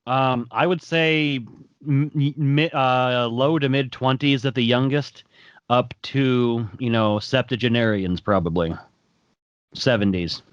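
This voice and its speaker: A podcast co-host speaking in a measured, thoughtful way and hedging his answers. The recording is dry and slightly dull, with a mid-range voice. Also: medium pitch, fairly even intonation, clear, resonant tone, no room sound. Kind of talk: casual chat.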